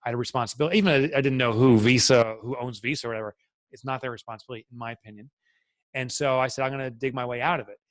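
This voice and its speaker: Man, middle-aged, podcast guest, candid storytelling, earnest, reflective, medium pitch, dry recording. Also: fairly even intonation, very fast, no echo. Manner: earnest and reflective, with many fillers.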